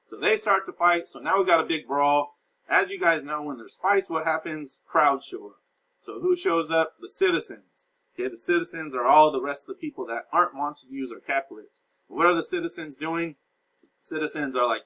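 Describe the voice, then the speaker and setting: Bright-voiced male teacher recapping a play. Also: a little high, lively intonation, normal speed, rough recording. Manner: casual explaining, reads and paraphrases lines. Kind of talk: classroom lecture recap.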